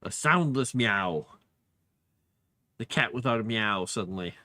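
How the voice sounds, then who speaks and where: A man's voice: fairly low pitch, expressive, measured pace, sharp tone, no room sound. A man casually chatting while building a fantasy map, muttering to himself and cooing at his cat. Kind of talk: casual livestream chat while working.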